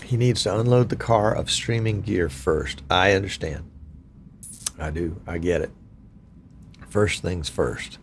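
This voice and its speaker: Man, 60s, from Virginia, lowish voice, folksy chatty host of a casual live stream. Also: a little slow, pauses often, slight background noise. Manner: folksy, chatty, self-deprecating.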